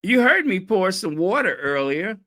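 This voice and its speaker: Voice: medium pitch, big pitch swings, normal speed, sharp tone. A host chatting casually on a live stream, playful and joking, with a voice worn from hours of talking. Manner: playful, joking, bursts into singing. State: losing voice, dry throat.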